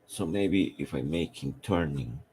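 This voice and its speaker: A man, a comic artist who is losing his voice, thinking aloud in halting, rambling commentary while he draws on a live stream. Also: very deep voice, darkish tone, a little hiss or hum.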